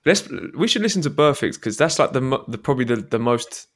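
A man hosting a music podcast in relaxed casual chat, steering the talk along. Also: mid-range voice, brisk.

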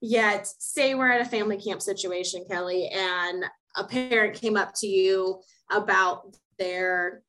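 A woman's voice: mid-range voice, unhurried, hardly any pauses, fairly bright tone, rough recording. A young adult woman co-hosting a casual podcast, talking emphatically, laughing often and repeating words as she thinks. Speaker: podcast co-host, horse program specialist.

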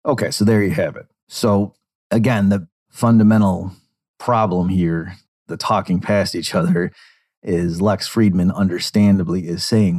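A man's voice: low voice, fairly even intonation, measured pace, darkish tone, husky. A man giving digressive, explanatory commentary on interview clips. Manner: digressive, explanatory, acts out quotes.

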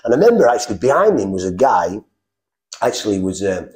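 Lively man telling his story. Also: lowish voice. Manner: animated, acts out dialogue with quick voice shifts. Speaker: interview guest sharing a faith testimony. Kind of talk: conversational storytelling.

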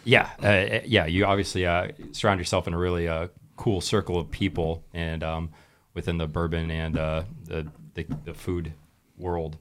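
A man's voice: low-pitched, flat delivery, normal speed, a bit bright. A man co-hosting a podcast, asking meandering questions with many fillers in casual chat. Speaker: podcast co-host.

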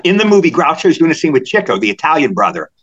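A man in his sixties from Maryland, a guest actor telling stories in a podcast interview, talking fast and excitedly, repeating words and restarting his sentences. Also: a little high, highs cut off. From Cumberland, Maryland. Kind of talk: animated storytelling in a podcast interview.

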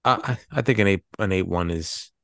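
A man co-hosting a casual movie podcast, animated and teasing, with a lot of swearing. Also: deep voice, a little fast, creaky, dry recording, clean studio sound. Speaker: podcast co-host. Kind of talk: casual chat.

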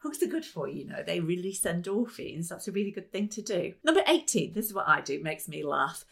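A woman giving an upbeat motivational talk to a live audience, laughing often and jumping to high, excited exclamations. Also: brisk, vocal fry. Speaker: speaker. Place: business meeting room.

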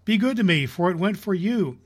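A man reading the part of a loving young wife, earnest and pleading, in his own slightly high voice. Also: lively intonation, fairly quick.

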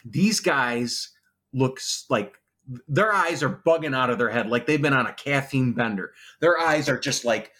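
A man's voice: medium pitch, unhurried. A middle-aged man, a former special effects artist, telling a wild story in casual chat, swearing and acting out the voices of the people in it. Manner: animated, swearing, acts out voices in anecdotes.

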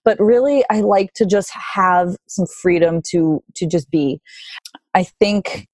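A woman's voice: lowish voice, slow, darkish tone, no echo. Earnest woman guest, dry close sound. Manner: reflective, many fillers, earnest. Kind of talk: casual chat.

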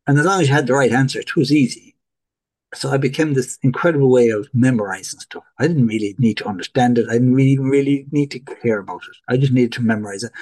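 A middle-aged Irish man, a podcast guest, telling stories in lively fashion and acting out dialogue. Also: mid-range voice. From Ireland. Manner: animated, acts out dialogue in his stories. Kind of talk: storytelling in a podcast interview.

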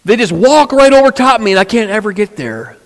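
A desperate, high-pitched paralyzed man begging for help, as a preacher acts him out. His voice strains upward and pleads, and it rings with long reverb in a church hall. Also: lively intonation, quick pace, a bit bright. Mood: pleading.

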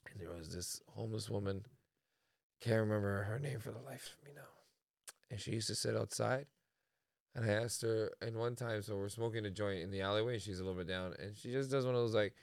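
A man from Canada co-hosting a casual podcast, telling stories in a lively way and swearing freely. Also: lowish voice, a little fast, creaky, no room sound, clean studio sound. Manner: storytelling, animated, swears freely. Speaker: podcast co-host.

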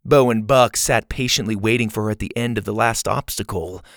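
A man narrating a children's storybook in a lively, expressive way. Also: fairly low pitch, brisk, no room sound, clean studio sound. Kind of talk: storybook read-aloud narration.

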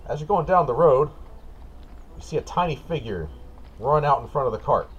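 A man running a tabletop game as game master, setting scenes in a relaxed, patient way. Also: on the high side, moderate pace, slightly rough, lo-fi sound.

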